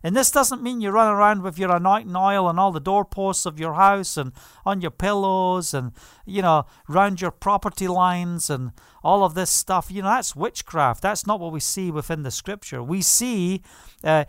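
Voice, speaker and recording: A man's voice: high-pitched, normal speed, a bit bright, clear, resonant tone, no echo, studio quality. A man preaching a sermon, fervent, asking the listeners questions and laughing now and then. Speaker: pastor.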